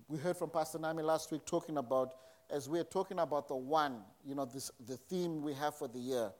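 A man's voice: a little high, fairly quick, a little mellow. A man preaching a sermon in a conversational way, acting out quotes as he retells a story. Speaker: pastor.

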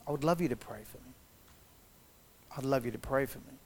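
A man voicing a troubled former builder who is grateful and apologetic, speaking in an earnest, halting way. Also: mid-range voice, slight background noise, close to an everyday voice.

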